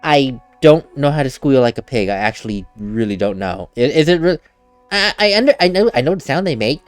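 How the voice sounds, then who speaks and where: A man's voice: medium pitch, animated, a little fast, dry recording, soft background music. A man giving casual gameplay commentary as a let's play host, chatty and laughing at himself, at a desk mic at home.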